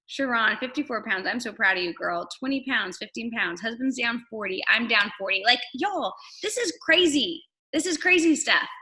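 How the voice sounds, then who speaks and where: A woman leading a motivational team call over video, energetic and rallying, firing off rhetorical questions. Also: a little high, normal speed, few pauses. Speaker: network marketing leader.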